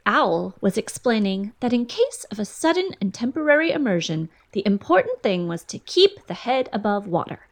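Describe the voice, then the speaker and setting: A woman reading a children's storybook aloud in a gentle, expressive way. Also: medium pitch, normal speed, hardly any pauses. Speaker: storybook reader.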